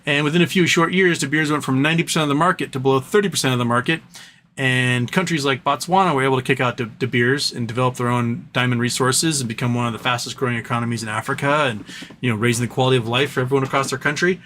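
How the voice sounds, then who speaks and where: Casual male livestream host, bright and punchy, animated storyteller, faint background noise. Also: mid-range voice, fast talker. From United States. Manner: animated storytelling with mock voices for quoted parties.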